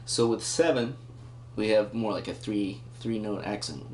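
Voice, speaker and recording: A man with a fairly low voice speaking a little slowly teaches a casual guitar lesson, explaining rhythm and counting beats aloud while thinking it through. Behind him, his own guitar plays loudly in a roomy-sounding recording.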